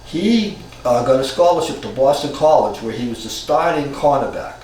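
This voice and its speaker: A man in his sixties from Cambridge, Massachusetts, telling a personal story in a reflective, halting way with frequent restarts. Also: medium pitch, animated, a little mellow. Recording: very echoey room from far off, faint noise.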